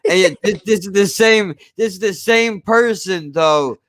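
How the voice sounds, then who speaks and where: A man's voice: high-pitched, measured pace, fairly bright tone. A man from New Jersey hosting a podcast, ranting emphatically in casual chat, repeating himself and swearing. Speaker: podcast host.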